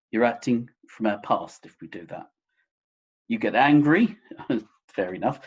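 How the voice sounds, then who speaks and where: A man, a counsellor, explaining pastoral listening in a recorded teaching seminar, gentle and full of examples. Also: medium pitch, breathy edge.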